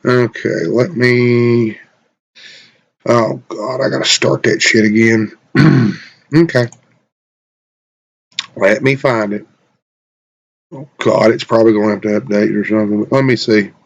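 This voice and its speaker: A man's voice: mid-range voice, fairly even intonation, measured pace, vocal fry, pauses often. A man streaming a game live, chatting casually and rambling to himself with plenty of profanity while he sets up.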